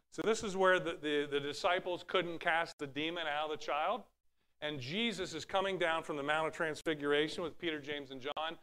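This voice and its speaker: A man's voice: fairly high pitch, bright, forceful tone, clean tone. A man preaching a sermon, teaching from scripture with rhetorical questions and acting out Bible scenes in raised voices. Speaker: pastor.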